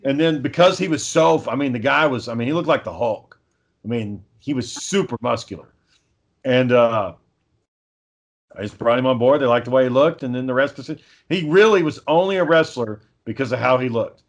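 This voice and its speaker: A man's voice: medium pitch, moderate pace. A man chatting casually on a podcast, spinning a long, rambling story. He swears freely and keeps circling back with fillers and restarts. His voice sits in a middle range. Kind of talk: casual chat.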